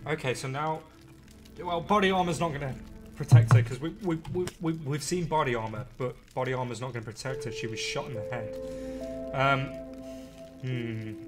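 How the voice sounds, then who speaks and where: A man giving chatty, excitable live commentary while playing a game, talking to viewers. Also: mid-range voice, normal speed, music in the background. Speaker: game streamer.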